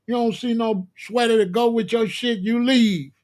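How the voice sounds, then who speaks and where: High-voiced man on a profane comic rant. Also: steady tone, normal speed. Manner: loud, profane, mocking; slangy streetwise talk. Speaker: commentary host. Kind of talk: comedic rant.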